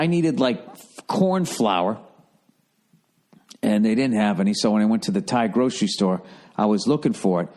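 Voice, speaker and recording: Middle-aged man, podcast host, casual comic storytelling, profane and rambling, animated delivery. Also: mid-range voice. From America.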